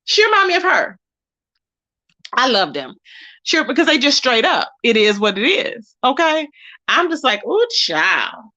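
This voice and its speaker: High, bright-voiced chatty woman host. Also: normal speed, long pauses. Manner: chatty, animated, greets viewers by name. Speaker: YouTube commentary host. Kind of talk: casual gossip commentary.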